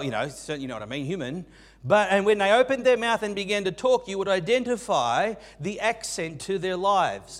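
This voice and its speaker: Earnest higher-voiced male pastor preaching. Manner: earnest, many restarts and fillers. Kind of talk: sermon.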